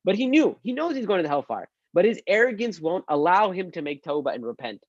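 A male Islamic teacher giving an online religious lesson, animated and acting out quoted speech. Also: high-pitched, fast talker, no echo, highs cut off.

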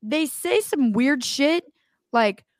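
A young woman co-hosting a podcast, animated and swearing often as she acts out quotes. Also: high voice, slow pace, no echo, clean studio sound. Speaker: podcast co-host. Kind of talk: casual podcast chat.

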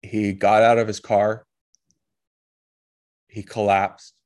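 A man hosting a podcast, telling a personal story in an emotional, halting way with blunt swearing. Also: lowish voice, little pitch movement, a little mellow. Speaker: podcast host.

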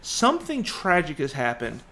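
A man's voice: on the high side, moderate pace. A man in his thirties, a podcast co-host, telling a story in casual chat and acting out the voices he quotes. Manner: animated, acts out quoted voices.

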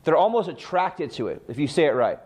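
A man with a fairly high, darkish voice speaks a little fast in a sing-song way. He's a sales trainer coaching real estate agents on communicating with clients, emphatic and answering his own rhetorical questions.

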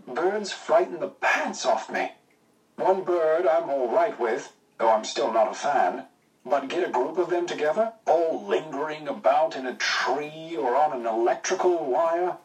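A man voicing a cheerful young wartime pilot, brisk and teasing in his dry wit. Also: a little high, animated, recorded from a distance, low-quality recording. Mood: wry. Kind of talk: audiobook character voice.

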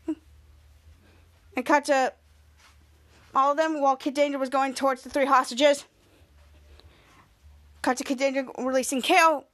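A woman's voice: high voice, fairly even intonation, a little slow, long pauses, a bit bright. A woman podcast host casually recapping a TV episode, rambling with frequent restarts.

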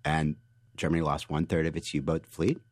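Deep-voiced man telling animated stories. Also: fairly quick, no room sound. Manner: animated storyteller, restarts often. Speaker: guest author. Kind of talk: interview answers.

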